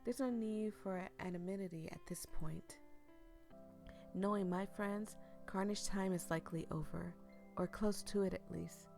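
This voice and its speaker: A woman voicing a calm, eerie young woman hosting a party, speaking softly in a measured, unsettlingly gentle way. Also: mid-range voice, vocal fry, soft background music.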